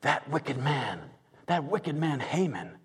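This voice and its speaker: A man voicing a frightened queen pleading in hushed whispers, in a hall with a long reverb. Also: a little high, expressive, moderate pace, husky, pitched below the performer's own voice. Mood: desperate whisper.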